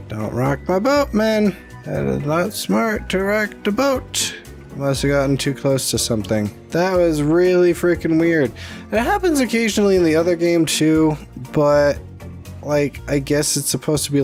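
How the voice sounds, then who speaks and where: A man giving casual gameplay commentary, rambling to himself as he plays and drifting into halting personal stories. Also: a little high, a little mellow. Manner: rambling, talks to himself while playing; reminisces in a loose, halting storytelling way. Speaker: let's play host.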